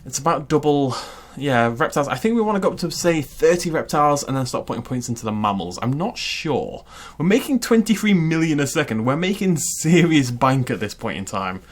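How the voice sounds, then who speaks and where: A man hosting a gaming channel, giving chatty, excitable let's-play commentary and laughing often. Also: a little high, fairly quick, hardly any pauses.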